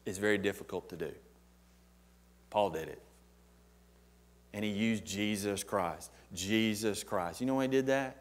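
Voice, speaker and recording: Emphatic pastor preaching. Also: male voice, lowish voice, unhurried, long pauses. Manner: emphatic, asks the congregation questions. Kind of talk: sermon.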